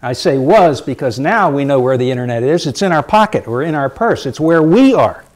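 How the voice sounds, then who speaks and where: A middle-aged man giving a public lecture, lively and emphatic, repeating his key points for effect. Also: on the high side, fairly quick.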